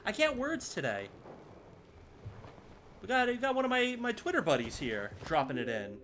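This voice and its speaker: A man's voice: high voice, huge pitch swings, normal speed, fairly bright tone, slight background noise. A man streaming a game live, chatting casually and scattered with viewers, swearing now and then. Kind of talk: casual gameplay commentary. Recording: music playing behind.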